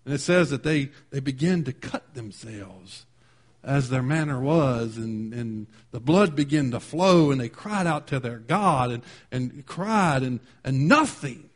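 A male preacher retelling a scripture story in a sermon. He talks emphatically, swinging from loud declarations to hushed readings of old scripture wording. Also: mid-range voice, lively intonation, measured pace.

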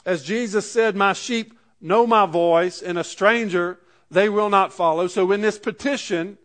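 A man's voice: high voice, measured pace, fairly bright tone. A pastor preaching a sermon, reading scripture aloud and then driving his points home with rising emphasis.

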